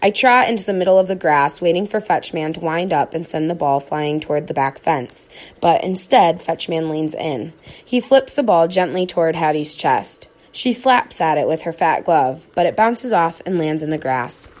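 A woman narrating a children's storybook aloud in an expressive, animated way. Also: low voice, moderate pace.

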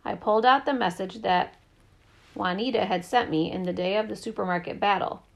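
A woman narrating a children's story in the first person, lively and brisk. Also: medium pitch, creaky. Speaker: audiobook narrator.

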